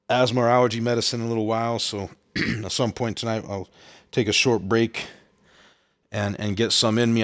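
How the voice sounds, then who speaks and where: A man's voice: on the low side, fairly bright tone. A man streaming a video game late at night, chatting casually and rambling, slightly out of breath with audible heavy breathing. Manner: chatty, rambling, repeats phrases. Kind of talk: casual live-stream chat.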